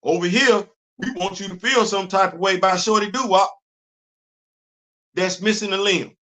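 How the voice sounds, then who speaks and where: Male host with a high, sharp voice; lively, exclamatory fan chat. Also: normal speed. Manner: animated, repetitive, exclaiming, laughing. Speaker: comics podcast host. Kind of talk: excited casual comic book talk. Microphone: live stream mic.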